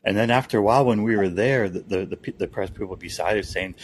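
A man's voice: deep voice, quick pace, breathy edge. A man co-hosting a podcast, chatting casually and telling a story with laughs and restarts. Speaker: podcast co-host. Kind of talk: casual chat.

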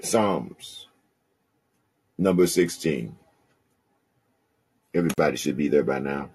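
A male pastor from the rural South with a country accent, preaching and reading scripture in a husky voice with a swelling, pausing cadence. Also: rumbling low, a little mellow. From rural American South. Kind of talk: sermon.

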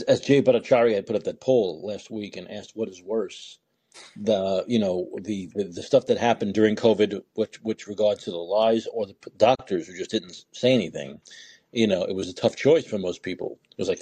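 A man hosts a podcast in an opinionated, emphatic conversation. His voice is low and husky, and he stumbles and repeats words as he pushes his point. The sound is close and dry. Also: moderate pace, mellow, no room sound. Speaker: podcast host.

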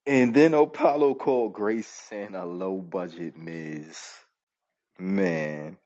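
A man's voice: sits low, slow, dark tone. A male podcast host giving a loose, rambling recap of a show and often correcting himself mid-sentence. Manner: rambling, self-correcting storytelling. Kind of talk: casual wrestling show recap. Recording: dull, lo-fi call-in audio.

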